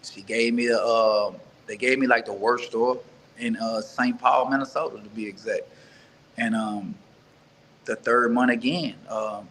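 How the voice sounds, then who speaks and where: A man from Mississippi telling his life story as an interview guest, earnest and halting, often restarting and repeating words. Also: medium pitch, a bit bright, a little hiss or hum, low-quality recording. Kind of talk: personal life story in conversation.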